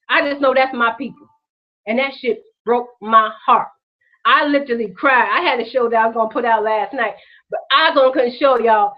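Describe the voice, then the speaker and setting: Woman, vlog host, emotional rant, profane, repetitive, near tears, higher voice, dull lo-fi audio. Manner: profane, repetitive, impassioned street-talk rant. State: emotional, holding back tears.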